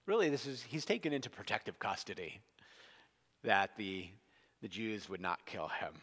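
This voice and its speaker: A man's voice: on the low side, big pitch swings, moderate pace, a bit bright, in a large hall. A man preaching an expository sermon in a conversational, storytelling manner.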